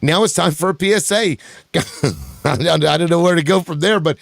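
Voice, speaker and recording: Calm man moderating a heated panel. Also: on the high side, fairly quick, vocal fry, no echo, clean studio sound. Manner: calm, repeats "okay" to settle arguments. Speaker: host of a live political panel. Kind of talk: live-stream panel moderating.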